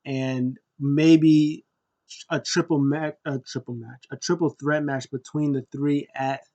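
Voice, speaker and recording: A man giving a casual, excitable recap of a wrestling show, acting out scenes in raised voices. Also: a little high, takes it slowly, dull audio.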